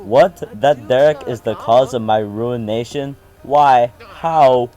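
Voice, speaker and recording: A man voicing an excitable male Italian chef in a deliberately bad put-on Italian accent, theatrical and exclaiming. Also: mid-range voice, voice pushed up, close to an everyday voice. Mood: dismayed.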